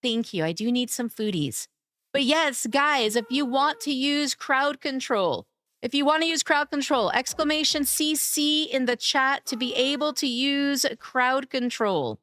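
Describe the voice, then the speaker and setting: Bubbly high-voiced woman streamer, unhurried. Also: expressive, a bit bright. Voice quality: bubbly, cutesy baby talk. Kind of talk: casual live-stream chat.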